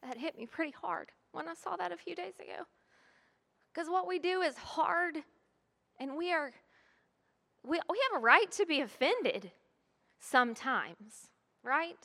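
A woman's voice: high voice, bright, forceful tone. A woman giving a presentation to a church group on foster care work, earnest and a bit apologetic. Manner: earnest and apologetic, with frequent fillers. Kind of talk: presentation talk.

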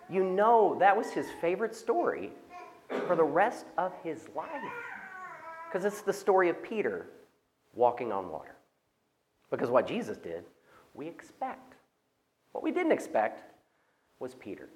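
Lively man telling a faith story. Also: a little high, moderate pace, long pauses. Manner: animated, acts out quoted reactions. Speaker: speaker at a conference for social service agencies. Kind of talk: inspirational storytelling talk.

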